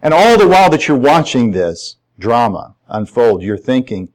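A middle-aged man preaching a sermon as pastor, climbing to emphatic, ringing peaks and then dropping to quiet, intimate asides. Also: mid-range voice, sing-song, moderate pace, poor audio.

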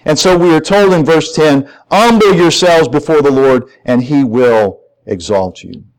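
A middle-aged man preaching a sermon as pastor, climbing to emphatic, ringing peaks and then dropping to quiet, intimate asides. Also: a little high, measured pace, rough recording.

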